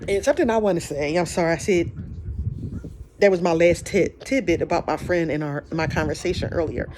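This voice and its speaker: A podcast host talks straight to listeners in a loose, heartfelt encouraging monologue, circling back and repeating lines as thoughts come. The voice sits at a middle pitch. Steady noise runs under the recording. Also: brisk. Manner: heartfelt, rambling, repeats phrases, says y'all.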